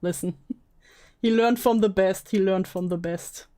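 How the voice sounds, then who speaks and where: A woman's voice: medium pitch, fairly even intonation, a little slow, mellow. A woman livestreaming a reaction to a video, chatting casually, laughing often and thanking viewers. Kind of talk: casual live reaction chat.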